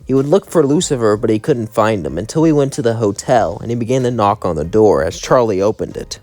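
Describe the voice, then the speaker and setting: A young man rambles through a fan story, tossing in casual asides as faint music plays in the background. His brisk, darkish voice has lively intonation, with pitch rising and falling a lot.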